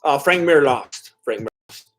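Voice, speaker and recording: A man's voice: mid-range voice, animated, a little slow, fairly bright tone, faint music behind. A man hosting a casual live watch-along stream, reading viewer comments aloud while eating, chatty and a bit scattered, laughing often. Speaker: livestream host.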